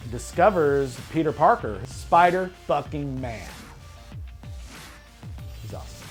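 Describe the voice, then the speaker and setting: A man hosting a casual movie review show, retelling the plot in a loose, heavily profane way. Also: a little high. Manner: heavy swearing, loose storytelling. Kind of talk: casual spoiler recap and review.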